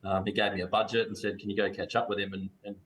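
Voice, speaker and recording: A man from Perth with an Australian accent, telling his career story as a guest in a relaxed, rambling way on a video call. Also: lowish voice, fast, low-quality recording. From Perth, Western Australia. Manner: laid-back, rambling, casual slang.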